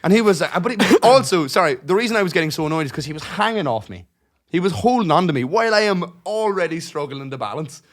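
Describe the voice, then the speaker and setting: A man, co-hosting a casual podcast and telling an animated story full of swearing. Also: a little high, a little fast. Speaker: podcast co-host. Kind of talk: casual chat.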